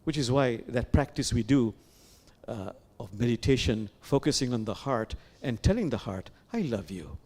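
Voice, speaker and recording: A man leading a sermon as imam, speaking in an animated way with repeated phrases and questions to the listeners. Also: medium pitch, moderate pace. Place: sanctuary.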